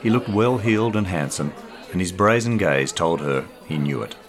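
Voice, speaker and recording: Deep man reading a story. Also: expressive, moderate pace, crowd noise. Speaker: author and narrator.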